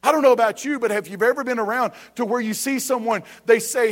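A man's voice: very high voice, fairly quick. A man preaching a sermon as pastor, emphatic and repetitive, speaking straight to the congregation.

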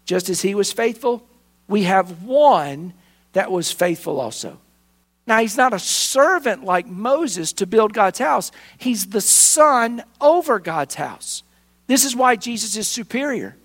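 A pastor preaching a sermon, retelling scripture with acted dialogue and emphatic repetition. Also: male voice, high voice, expressive, slow, fairly bright tone.

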